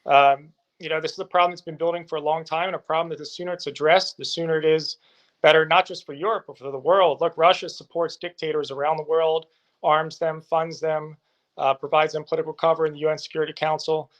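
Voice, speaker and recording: A man's voice: a little high, flat delivery, fast talker, muffled recording. A male guest reporting from a war zone, answering interview questions firmly and assertively. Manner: firm, assertive, with occasional fillers.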